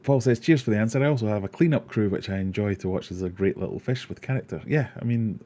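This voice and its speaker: A man's voice: on the low side, fast, mellow. A man hosting a casual livestream, rambling, joking and reading viewer comments aloud. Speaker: aquarium livestream host.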